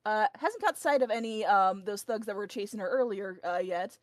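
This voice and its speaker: A woman's voice: mid-range voice, expressive, normal speed, no room sound. Chatty woman game master, dry sound. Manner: rambling, filler-heavy. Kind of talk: narrating a tabletop game.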